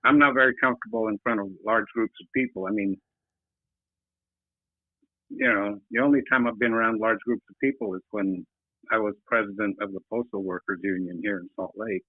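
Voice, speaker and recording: A man's voice: on the low side, steady tone, fairly quick, dry recording. Elderly man, casual guest storyteller who chuckles, heard over a phone line. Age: 70s. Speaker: guest, host's uncle. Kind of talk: casual chat. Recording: tinny phone line, dry.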